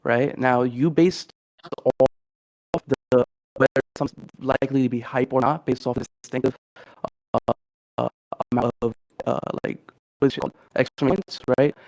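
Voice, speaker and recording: A man's voice: medium pitch, steady tone, normal speed, a little mellow. A man debating casually, arguing in an insistent, pedantic way.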